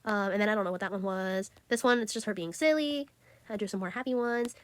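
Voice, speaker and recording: A woman's voice: mid-range voice, quick pace, a little hiss or hum. A teenage girl chatting casually about her drawings, giggly and full of fillers. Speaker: art vlogger. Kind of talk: casual chat.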